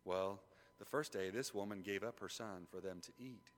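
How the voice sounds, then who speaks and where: Animated preacher in a ringing hall. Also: male voice, moderate pace. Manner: animated, shifting between loud emphasis and low hushed asides; asks the congregation questions. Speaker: pastor. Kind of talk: sermon. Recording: long reverb of a large hall.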